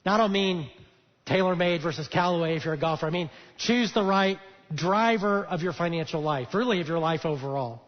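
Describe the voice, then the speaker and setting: High-voiced pastor in an echoing hall. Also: male voice, brisk. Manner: conversational storytelling with frequent fillers. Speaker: lead pastor. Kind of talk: sermon. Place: church auditorium. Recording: dull echoey church hall.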